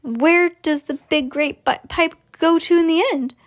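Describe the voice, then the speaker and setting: A woman's voice: expressive, extremely slow, darkish tone, husky, exaggerated voice. A woman doing a shrieking frantic mother. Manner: shrill, frantic. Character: shrieking panicked rich mother.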